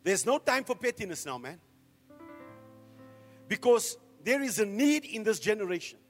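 A middle-aged man preaching a sermon as a pastor, firing off rhetorical questions and swinging from hushed to loud. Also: high voice, big pitch swings, moderate pace, faint music behind.

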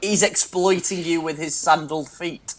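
A man's voice: on the high side, steady tone, normal speed. A man hosting a comedy show, teasing his guests and laughing often. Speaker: host. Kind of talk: comic banter.

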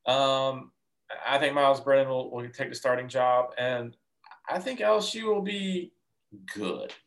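A man's voice: mid-range voice, lively intonation, a little slow, gravelly. Man co-hosting a sports podcast. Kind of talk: casual chat.

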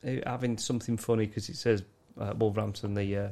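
A man's voice: on the low side, level tone, quick pace, gravelly, dark tone. A man with a Black Country accent, co-hosting a podcast and telling a story in casual chat, swearing often and laughing as he talks. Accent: Black Country English. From Black Country, England. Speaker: podcast co-host.

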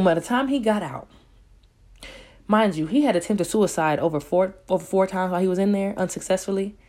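A woman's voice: mid-range voice, darkish tone. A woman giving a casual, heated rant about a documentary she watched, swearing often and repeating herself for emphasis. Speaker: commentator reacting to a documentary.

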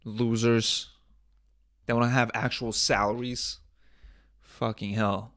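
A young man hosting a casual solo podcast, rambling and swearing with jokes, often coughing and clearing his throat into a close microphone. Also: mid-range voice, little pitch movement, takes it slowly, pauses often, no room sound. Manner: rambling, profane, jokey, drifts between loud bits and mumbling. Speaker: podcast host. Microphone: studio microphone up close.

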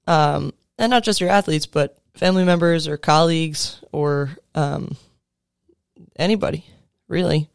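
Speaking at a measured pace, a man in his thirties with a smooth, rather high voice and some vocal fry gives a motivational talk to fellow coaches. He's earnest and conversational, with fillers and restarts, and the studio sound is clean with no room sound.

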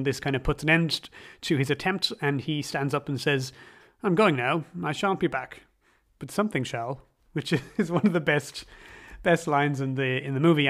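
A man's voice: a little high, a bit bright. Man rambling through a film recap. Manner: enthusiastic, rambling with restarts and quoted dialogue. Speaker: film reviewer. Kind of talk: casual film commentary.

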